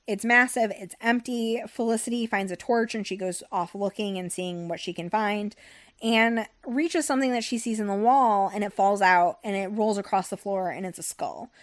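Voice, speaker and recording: Recapping a novel in a loose, casual chat, this young podcast host speaks at a moderate pace in a mid-range voice, rambling with profanity and frequent "like" and "um."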